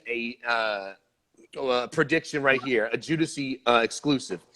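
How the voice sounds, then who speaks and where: A man talking casually on a podcast panel, animated and joking, often stammering and restarting his sentences. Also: mid-range voice, a little slow. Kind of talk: casual sports-podcast chat.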